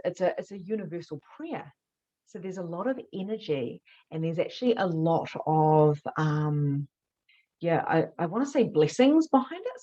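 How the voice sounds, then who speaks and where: A woman, a spiritual mediumship teacher telling a candid story to camera, animated and swearing freely. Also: on the low side, muffled recording. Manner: animated, swears freely, acts out her own past reactions.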